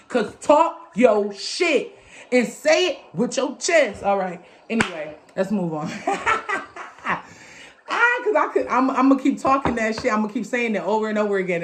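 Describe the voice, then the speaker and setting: A woman's voice: mid-range voice, slight background noise. A young adult woman, a tarot reader talking casually to her viewers in an emphatic, profane way, chanting catchphrases over and over. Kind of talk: casual motivational chat.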